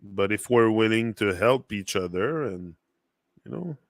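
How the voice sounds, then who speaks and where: A man's voice: fairly low pitch, lively intonation, measured pace, no room sound, studio quality. A man whose first language is French, speaking English with a French accent, talking loosely and rambling on a casual motivational livestream full of fillers and restarts. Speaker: livestream host.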